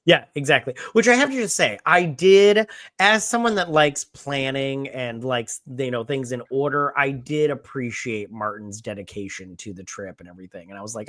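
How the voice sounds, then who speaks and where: Animated bright-voiced man reviewing movies. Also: mid-range voice, moderate pace, no echo, clean studio sound. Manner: animated, acts out characters' lines, swears freely. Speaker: podcast co-host. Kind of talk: casual drunk movie review chat.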